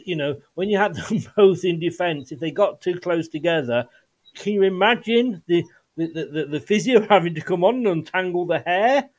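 Male podcast host, slightly high voice, rambling casual football talk, brief. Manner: rambling with frequent restarts and fillers.

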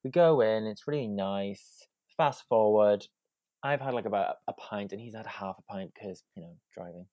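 A man's voice: on the low side, moderate pace, no room sound, dull audio. A young man, a podcast guest, telling a story animatedly and acting out the quotes with drama. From Wales. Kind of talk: casual storytelling.

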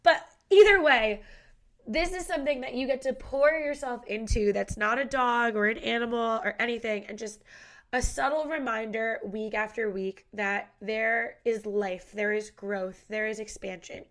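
Stuffed up with a head cold, a young podcast host gushes through casual conversation, filling her sentences with "like." Her voice has a fairly high pitch, a bit of brightness and a moderate pace.

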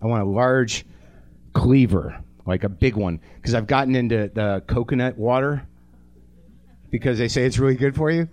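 A man's voice: medium pitch, moderate pace, darkish tone. Ranting, profane man doing stand-up. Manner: ranting, profane, self-deprecating; talks straight to the audience. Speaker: comedy show host. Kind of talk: stand-up monologue. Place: theater stage at a live show.

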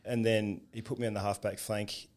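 A man's voice: fairly low pitch, level tone, moderate pace, darkish tone. A man with an Australian accent in casual chat, easygoing and chuckling as he recalls his playing career. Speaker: former professional footballer.

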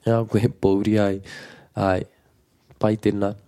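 Deep, mellow-voiced New Zealand man as a patient language teacher who repeats phrases slowly. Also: level tone. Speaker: te reo Māori teacher. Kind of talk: relaxed language lesson.

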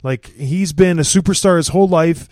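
A man hosting a casual podcast, blunt and opinionated, who slips into sarcastic mockery. His voice sits fairly high for a man. The sound is dry and close, with no room tone. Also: normal speed, darkish tone, no room sound. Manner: blunt, opinionated, mocking ranter. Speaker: podcast co-host. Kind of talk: casual hockey podcast chat.

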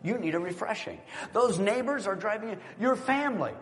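Animated male preacher in a reverberant sanctuary. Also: high-pitched, fairly quick, faint music behind. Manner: animated preaching, swinging from loud exclamations to quiet prayer. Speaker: pastor. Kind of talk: sermon.

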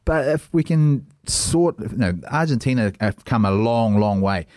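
A man's voice: medium pitch, lively intonation, unhurried, darkish tone, dry recording, clean studio sound. A man co-hosting a casual sports podcast, speaking hesitantly with many fillers and restarts, mostly agreeing. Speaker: podcast co-host. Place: podcast studio.

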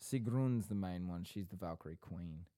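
A young man co-hosts a casual podcast, his low, mellow voice rambling along and turning theatrical when he teases. The sound is close and dry, with no room around it. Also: normal speed, no echo. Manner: rambling, teasing and playfully theatrical. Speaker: podcast co-host.

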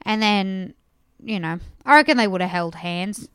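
Crisp bright woman chatting. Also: mid-range voice, moderate pace, no echo, studio quality. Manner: relaxed, uses "I reckon" and "like" a lot. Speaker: podcast co-host. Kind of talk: casual recap chat.

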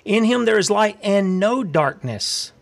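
Fiery, somewhat high-voiced male preacher. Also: expressive, unhurried, vocal fry. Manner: fiery, confrontational preaching with rhetorical questions; reads scripture aloud. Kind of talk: sermon.

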